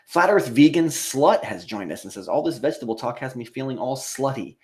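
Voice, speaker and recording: An American man running a live stream, chatting casually and reading comments from his viewers. He rambles, swears freely and laughs a lot between remarks. His voice sits at an ordinary middle pitch for a man. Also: expressive, normal speed. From United States. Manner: profane, rambling, laughs often, reads viewer comments aloud.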